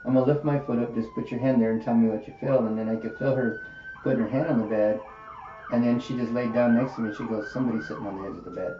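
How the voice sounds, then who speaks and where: A man's voice: medium pitch, fast. A man hosting a podcast, telling a personal story casually and acting out the quoted dialogue. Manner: animated, acts out quoted dialogue. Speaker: podcast host. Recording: roomy, distant, dull with faint hiss.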